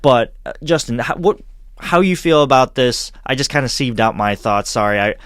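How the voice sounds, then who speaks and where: A man hosting a casual podcast chat, telling stories in an animated, rambling way full of restarts. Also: mid-range voice, moderate pace, smooth, dry recording, studio quality. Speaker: podcast host.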